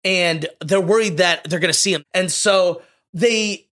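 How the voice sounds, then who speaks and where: A man with a high, bright, sharp voice chats casually as a podcast co-host. He gushes and gets openly emotional, piling on feeling. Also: unhurried. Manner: effusive, emotional, gushing. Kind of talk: casual movie discussion.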